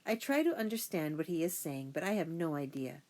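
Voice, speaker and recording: A woman narrating a first-person children's audiobook in a steady storytelling voice. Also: sits low, brisk.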